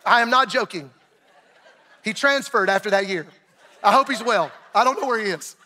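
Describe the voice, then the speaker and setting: Middle-aged pastor, lively sermon storyteller with a high voice; echoing auditorium. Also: male voice, moderate pace. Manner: animated storyteller, acting out shouted quotes. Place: large church auditorium. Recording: long hall reverb.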